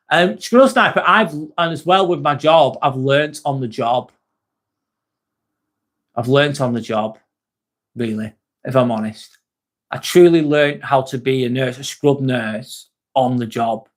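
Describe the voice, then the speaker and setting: A man's voice: medium pitch, a little slow, pauses often. A young man hosting a casual live stream, chatting to viewers, swearing now and then and calling people mate. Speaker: livestream host reading chat.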